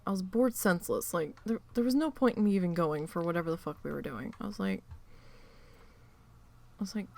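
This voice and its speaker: A woman's voice: lowish voice, expressive, fairly quick, vocal fry, a little mellow. A woman streamer telling a family story in casual chat, swearing freely and acting out quoted voices. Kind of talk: casual storytelling while gaming.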